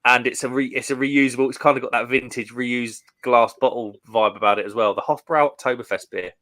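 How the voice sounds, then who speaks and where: A British man with a bright, forceful voice talks beer on a casual live stream. He is chatty and upbeat, full of ums and restarts as he reads out viewer comments. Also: mid-range voice, fairly even intonation, fairly quick. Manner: chatty and enthusiastic, lots of "um" and restarts.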